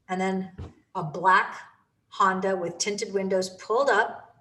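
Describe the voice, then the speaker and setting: A woman speaks with enthusiastic, emphatic energy, pressing her points with repetition in a motivational talk. Her voice sits at an ordinary middle pitch. She sounds a little away from the microphone. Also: fairly even intonation, unhurried, sharp tone, far from the mic, poor audio.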